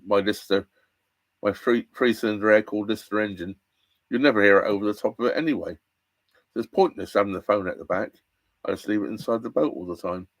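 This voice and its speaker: A man from England live-streaming from inside his narrowboat, chatting in a rambling way with restarts and lively bursts. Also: on the low side, no echo. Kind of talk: casual live-stream chat.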